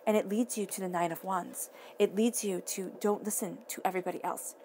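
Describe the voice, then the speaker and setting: A woman's voice: mid-range voice, fairly even intonation, fairly quick, warm tone, a little hiss or hum. A woman giving a casual tarot reading to the listener, earnest and emphatic, often restating her phrases. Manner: emphatic, talks straight to the listener. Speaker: tarot reader.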